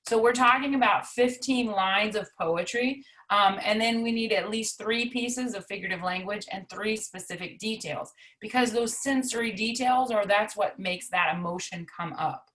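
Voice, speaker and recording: A woman's voice: mid-range voice, fairly bright tone, poor audio. A woman teacher explaining a poetry assignment in a chatty, folksy way, using examples from her own life. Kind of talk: recorded online lesson.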